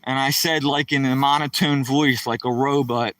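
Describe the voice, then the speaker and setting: A man's voice: medium pitch, steady tone, moderate pace, hardly any pauses, a bit bright, dry recording, far from the mic, poor audio. Chatty man live-streaming from the woods. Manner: rambling, chatty, addresses viewers by name. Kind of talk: casual live-stream storytelling. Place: outdoors walking through woods.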